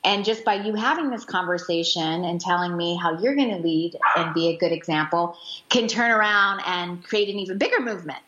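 A woman's voice: on the low side, fairly quick, fairly bright tone, echoey room, dull audio. A woman co-hosting a faith-based podcast, chatting casually and encouraging listeners. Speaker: podcast co-host. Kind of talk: casual chat.

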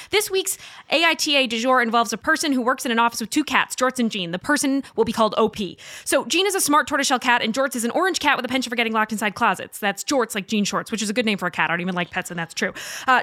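A woman's voice: fairly high pitch, bright, forceful tone, no echo. A woman co-hosting a podcast, explaining the game and then rattling off a comic internet story with dry wit. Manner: dry, wry delivery. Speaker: podcast co-host. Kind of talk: rapid comedic recap.

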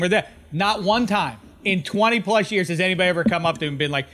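A man's voice: high voice, quick pace, slight background noise. A man hosting a sports podcast, telling stories emphatically in casual chat. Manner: emphatic, animated storytelling. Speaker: podcast host.

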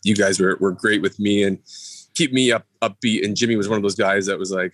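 Halting low-voiced man remembering a friend. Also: steady tone, a bit bright, no room sound. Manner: halting, many fillers, heartfelt. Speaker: former teammate. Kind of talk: personal remembrance.

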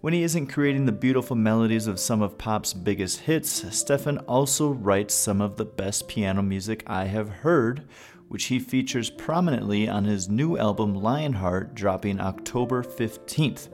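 A man with a lowish voice hosts a music podcast, chatting loosely and circling back on his words. Faint music sits under him. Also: lively intonation, normal speed, a little mellow. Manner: chatty, rambling with restarts. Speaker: podcast host. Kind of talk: casual interview chat.

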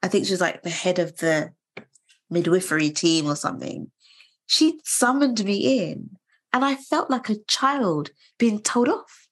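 A woman in her thirties telling her story in a casual conversation, animated and indignant. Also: mid-range voice, a little slow. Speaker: guest sharing her story.

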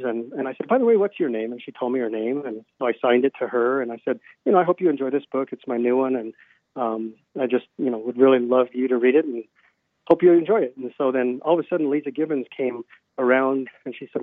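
A man's voice: medium pitch, dry recording. A man, a self-published author, chatting as an interview guest in rambling anecdotes full of fillers, acting out the dialogue he quotes. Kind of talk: casual storytelling interview. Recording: dry, tinny phone-like line.

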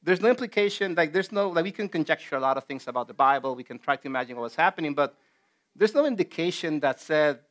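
A man's voice: a little high, lively intonation, fast, fairly bright tone. Earnest man leading a Bible study. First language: not English. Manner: earnest and emphatic, with frequent fillers and restarts. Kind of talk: casual group Bible teaching.

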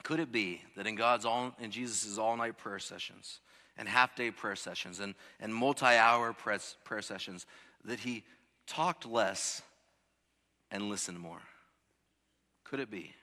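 A pastor in his thirties preaching a sermon, rising to loud emphatic lines and dropping to soft ones, often repeating words as he restarts. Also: fairly low pitch, steady tone, unhurried, big-room sound.

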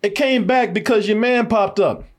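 A man hosting a podcast in casual chat, animated and laughing often as he acts out scenes. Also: high-pitched, normal speed. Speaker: podcast host reviewing a show.

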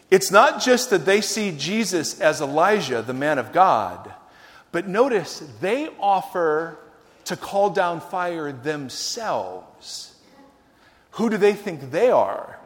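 A man preaching a sermon in a conversational way, often asking the audience questions and adding wry humor. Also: high voice. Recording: long hall reverb.

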